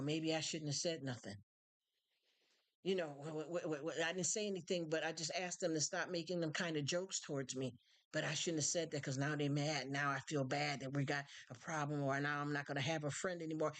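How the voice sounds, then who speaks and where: Streamer, woman; loose rambling chat, repeats words when worked up. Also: on the low side. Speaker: live stream host. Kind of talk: casual chat.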